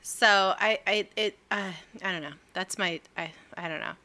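A pregnant woman co-hosting a podcast, chatting casually in a relaxed, unhurried way. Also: medium pitch. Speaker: podcast co-host. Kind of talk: casual chat.

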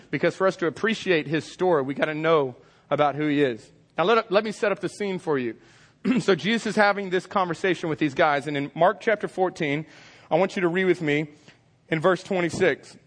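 Texas guy preaching, jokey and animated, slightly high voice, echoey church hall. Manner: energetic, joking, acts out scenes in voices. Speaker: pastor. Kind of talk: sermon. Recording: long hall reverb.

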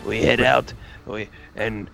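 A man putting on the voice of a gruff old pirate captain with a gravelly, drawling voice. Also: fairly low pitch, fairly even intonation, slow pace, fairly bright tone, faint music behind, full character voice.

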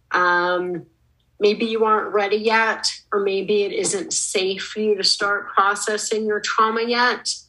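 Slow, earnest woman with a bright voice. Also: mid-range voice, low-quality recording. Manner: slow, earnest and encouraging, with many "um"s. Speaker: podcast guest. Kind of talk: casual podcast interview.

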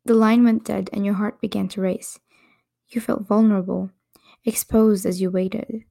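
Mellow-voiced woman narrating a story. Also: medium pitch, vocal fry. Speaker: podcast host reading fan fiction. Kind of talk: scripted narration.

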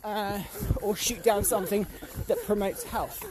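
A man's voice: sits high, steady tone, unhurried, a crowd in the background. A man on a casual walk outdoors, talking in an impassioned way and firing off repeated rhetorical questions. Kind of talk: casual chat. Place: outdoors, walking uphill.

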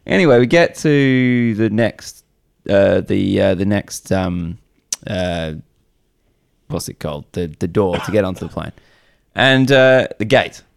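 A man's voice: lowish voice, expressive, measured pace, creaky, smooth. A man on a casual beer podcast, telling a travel story in a rambling way and searching for words with frequent ums and uhs.

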